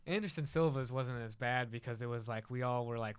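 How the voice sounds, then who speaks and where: Laid-back, smooth-voiced podcast co-host. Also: male voice, medium pitch. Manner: laid-back, measured, short affirmations. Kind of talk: casual podcast chat.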